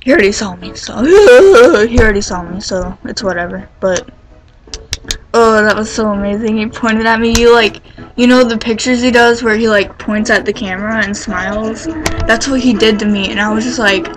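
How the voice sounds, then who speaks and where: A woman telling a story in a casual vlog, rambling and excitable, filling her pauses with "like" and swearing casually as she gets worked up. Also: fairly high pitch, rough recording. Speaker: vlogger.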